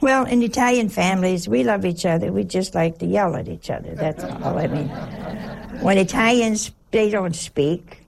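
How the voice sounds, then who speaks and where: Nun preaching, gravelly creaky voice, chatty and jokey, keeps asking the crowd questions. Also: female voice, medium pitch, normal speed, darkish tone. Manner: chatty, joking, full of rhetorical questions. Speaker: religious sister preaching. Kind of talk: folksy sermon.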